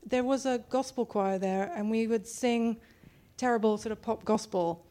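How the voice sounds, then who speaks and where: A woman's voice: a little high, moderate pace, mellow. A woman from the audience telling a story in a plain, matter-of-fact way. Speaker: audience member.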